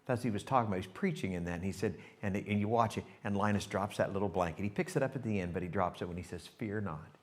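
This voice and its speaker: A man with a lowish voice delivers a sermon, racing with few pauses. He tells an animated story, addresses his congregation directly, and shifts to hushed reflection.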